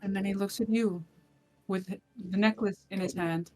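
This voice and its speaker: A woman's voice: medium pitch, fairly even intonation, moderate pace, dark tone, soft background music. A woman running a tabletop game as game master, narrating scenes in detail and often restarting her phrases. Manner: descriptive, with frequent restarts.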